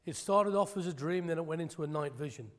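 Male preacher, high voice, fervent emphatic sermon, self-deprecating humor, long hall reverb. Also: fast. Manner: impassioned, rising to loud emphatic preaching; self-deprecating, joking asides. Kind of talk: sermon with prayer and personal testimony.

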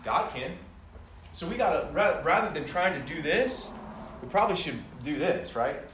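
A man preaching in a relaxed, conversational manner, poking fun at himself and livening up when he tells a story. His voice sits a bit high for a man. It is caught from some distance in a strongly echoing room with a faint hiss behind it. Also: normal speed. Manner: conversational, self-deprecating, animated when telling stories. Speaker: pastor. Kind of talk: sermon with personal stories. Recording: echoey room heard from a distance.

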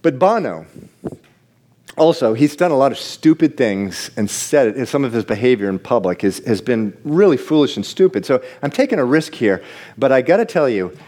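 Animated preacher man, lively pitch. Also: moderate pace. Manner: animated preaching, jumps between hushed and loud. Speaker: pastor. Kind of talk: sermon.

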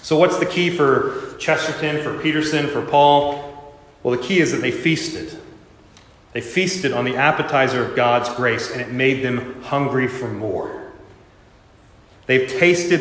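A man preaching a sermon as pastor, expressive and dramatic, acting out the voices he quotes. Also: medium pitch. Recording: echoey church hall.

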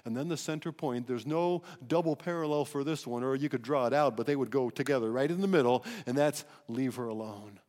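A man preaching a sermon as pastor, emphatic and animated, often restarting his phrases. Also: medium pitch, quick pace, few pauses, long reverb tail. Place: church sanctuary.

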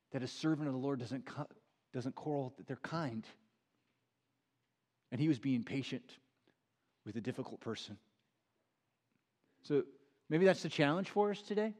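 A middle-aged man preaching a sermon, earnest and emphatic, repeating key phrases and drawing them out slowly. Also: mid-range voice, darkish tone. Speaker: pastor.

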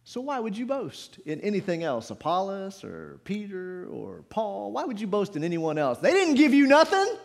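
A man preaching a sermon in a church, swinging between loud shouts and quiet low asides. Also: big pitch swings, moderate pace, gravelly, hardly any pauses. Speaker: pastor. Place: church sanctuary.

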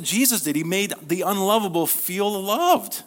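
Earnest conversational male preacher. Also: animated. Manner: earnest, conversational, asks the listeners questions; reads scripture slowly, then rises in pitch and energy. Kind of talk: sermon.

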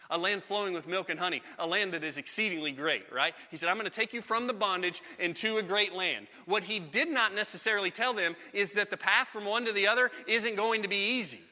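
A man's voice: sits high, sharp tone. A man giving a conversational sermon as a pastor, acting out the voices he quotes. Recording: long echo of a large hall.

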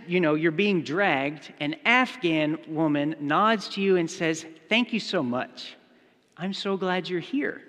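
A man's voice: sits high, a bit bright, in a large hall. A man preaching a sermon, telling a story and speaking its quoted lines in his own voice. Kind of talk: sermon with acted-out illustration.

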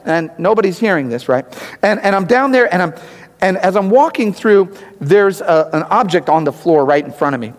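A man delivering a sermon in an easy, storytelling manner, often pausing to ask his listeners "right?" His voice sits a little high. The sound rings with the long reverb of a large hall. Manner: conversational, animated storytelling with frequent "right?".

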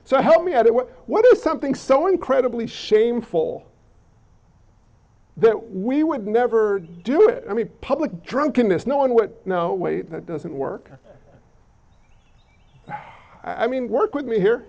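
A pastor delivers a sermon in a high, gravelly voice that sounds a little congested from allergies. He keeps it conversational, putting questions to the congregation as he goes. The recording is dull and lo-fi. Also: very animated, a little slow, long pauses, a little mellow.

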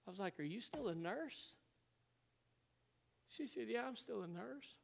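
A man's voice: sits high, animated, a little slow, gravelly, big-room sound. A man preaching a sermon, telling a personal story with emotion and frequent laughs. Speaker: pastor.

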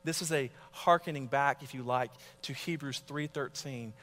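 A man's voice: medium pitch, moderate pace, a bit bright, long reverb tail. A middle-aged man preaching a sermon, earnest and exhorting, telling a story from his own life. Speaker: pastor.

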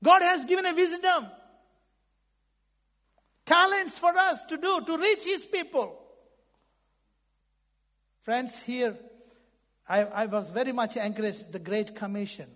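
A male preacher with a very high-pitched voice delivers a fervent sermon, his phrasing plainly non-native. He surges loud, then drops to near a hush. The sound rings with the long reverb of a large church hall. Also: slow pace, long pauses. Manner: fervent, swinging from loud to hushed.

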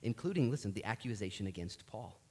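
A male pastor delivers a sermon with lots of rise and fall in his voice. He tells the story in an animated way and acts out the lines of the people in it. He sounds like he is speaking in a church. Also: on the low side, fast talker.

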